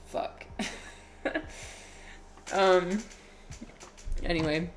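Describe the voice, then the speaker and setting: A woman streamer and English teacher chatting casually and rambling on a live stream, with many fillers and an often flat, low-key delivery. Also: drawn-out words. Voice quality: usually flat and low-key, by her own account.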